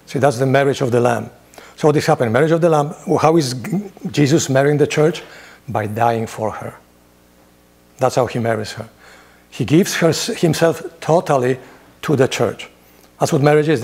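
A priest leading a Bible study in a church, reading scripture aloud in a lifted voice and then explaining it in plain, conversational asides with rhetorical questions. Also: male voice, mid-range voice, creaky, a little mellow, breathy edge.

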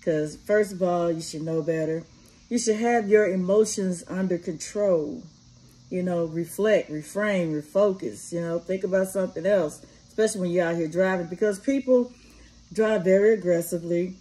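A woman's voice: fairly low pitch, normal speed. A woman vlogger who drives a party bus, giving casual commentary full of swearing and laughter, imitating gunfire as she talks. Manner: animated, swears a lot, laughs often, mimics gunfire. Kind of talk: casual profane commentary on a news story. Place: sitting and resting after work.

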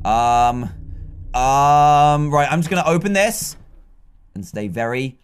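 A British man hosting a gaming video, giving excitable let's-play commentary that breaks into panicked shouts. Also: on the high side, slow, smooth. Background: faint game music.

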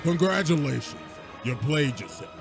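A man's voice: on the high side, expressive, moderate pace, vocal fry, music in the background, voice pushed down. A man voicing a big, crude male orc warrior who taunts his enemy boastfully. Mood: taunting.

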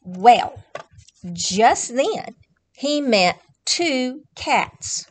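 Librarian reading picture books to children; high, animated, unhurried. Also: female voice. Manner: warm, sing-song, addresses children directly, counts along. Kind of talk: children's story time read-aloud.

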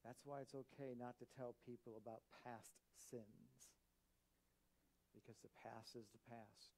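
A man preaching a sermon as pastor in a church, animated, swinging between loud emphatic bursts and quiet asides. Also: mid-range voice, unhurried, creaky.

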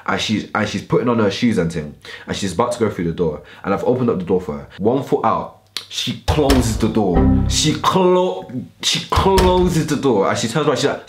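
Animated young man. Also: on the low side, moderate pace, few pauses. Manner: animated slang-heavy storytelling, acts out quoted voices. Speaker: YouTuber. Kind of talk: storytime vlog.

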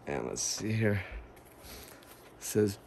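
A man's voice: fairly low pitch, very animated, slow, gravelly, darkish tone, a little hiss or hum. A man vlogging as he opens gifts from viewers, emotional and stammering, repeating his words as he reads a card aloud. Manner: emotional, voice breaking with gratitude. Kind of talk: casual to-camera vlog.

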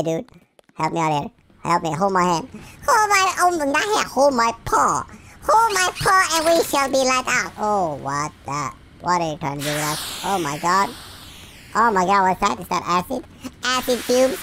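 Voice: mid-range voice, sing-song, normal speed, creaky, noisy background. A gameplay commentator talking through a game in a playful way, with silly sound effects, made-up words and sudden yelps. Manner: yelps and shrieks when startled.

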